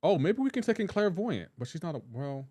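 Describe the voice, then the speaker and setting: Chatty gaming streamer with a Southern lilt. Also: male voice, fairly high pitch, sing-song, fairly quick, warm tone, dry recording, studio quality. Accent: light Southern US. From Southern United States. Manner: chatty, reads viewer messages aloud and reacts. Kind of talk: casual live-stream chat.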